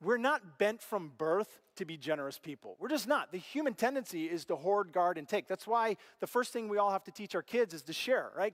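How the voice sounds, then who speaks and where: A middle-aged male pastor preaching a sermon, telling stories with animated delivery and acting out voices, dropping to a hush and rising again. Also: high voice, a little fast, hardly any pauses, long reverb tail. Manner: animated storytelling, acts out quoted voices, big swings from loud to hushed. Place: church auditorium.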